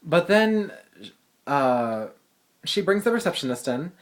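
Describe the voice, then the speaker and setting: A man's voice: fairly high pitch, slow. A teenage boy telling a story as a casual rant, exasperated and profane. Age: teens. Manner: exasperated, profane, lively retelling. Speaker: vlogger, high school student.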